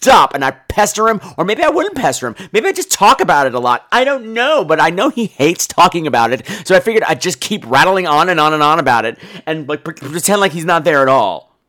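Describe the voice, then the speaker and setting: A man's voice: fairly high pitch, very animated, fairly quick, pushed and bright. A man hosting a podcast, telling a profane, theatrical comic story. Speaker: podcast host.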